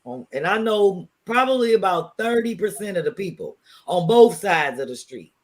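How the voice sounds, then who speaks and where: A middle-aged woman from St. Louis with a St. Louis accent, a comedian chatting as an interview guest and telling lively stories. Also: medium pitch, moderate pace. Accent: St. Louis, Missouri. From St. Louis, Missouri. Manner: lively storyteller who acts out the people she quotes. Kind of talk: casual interview chat.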